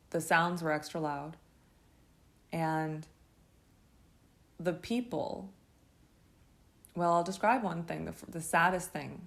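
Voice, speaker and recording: Low gravelly woman recounting her ordeal. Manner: halting, slow, intense. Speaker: host telling her own story. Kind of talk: first-person testimony monologue.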